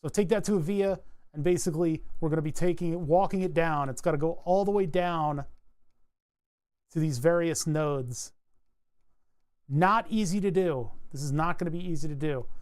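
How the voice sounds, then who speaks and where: Man, live streamer, casual chat, slightly high voice, rambling, wry asides. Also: a little mellow, clear, resonant tone. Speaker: PCB design streamer.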